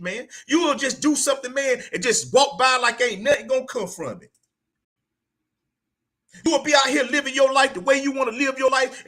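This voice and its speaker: A podcast host in middle age talks straight at the listener, with a voice that sits very high for a man and rings with a bright edge. He lectures in a loose, profane, preachy monologue, leaning on "man" and "you know what I'm saying" as he drives each point home. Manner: blunt, profane, preachy, repeats "man" constantly. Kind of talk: casual motivational monologue.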